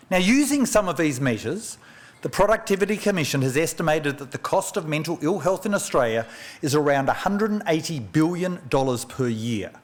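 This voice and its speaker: A man, an economist, delivering a formal memorial oration in a measured lecturing way, with rhetorical questions and personal anecdotes, at a podium microphone. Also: fairly high pitch. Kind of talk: formal public speech. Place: large function room at a press club.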